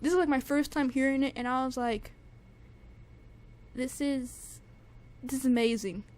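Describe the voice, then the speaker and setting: A young woman with a high voice gives an excited, casual music review at an unhurried pace. She gushes and repeats herself, with lots of fillers and restarts.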